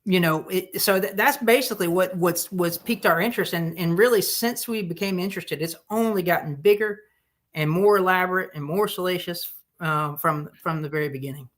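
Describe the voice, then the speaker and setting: A man with a Southern United States accent answering as a podcast guest, easygoing and pausing to search for words. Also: sits high, a bit bright. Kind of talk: casual interview answers.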